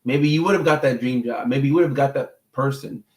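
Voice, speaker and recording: An easygoing man talks casually on a livestream, reading and answering viewer comments. His voice sits at an ordinary middle pitch. He is chatty and often doubles back on a word as he works out what to say. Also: a little fast, a little mellow, echoey room. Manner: easygoing and talkative, repeats words while thinking. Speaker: mental health clinician hosting a livestream.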